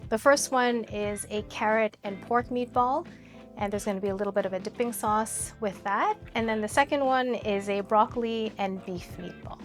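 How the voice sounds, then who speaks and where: A woman's voice: medium pitch, normal speed. A woman hosting her cooking channel, chatting playfully and explaining each step as she cooks in her kitchen. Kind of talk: casual cooking vlog. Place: home kitchen with food sizzling. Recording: background music under the voice. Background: music and sizzling pan.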